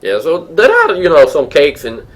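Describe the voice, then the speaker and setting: Streaming a game, a man from Poland chats casually with viewers in a Polish accent, rambling with many fillers and restarts. His voice runs a little high, swinging hugely in pitch, at normal speed, typical of relaxed let's-play talk.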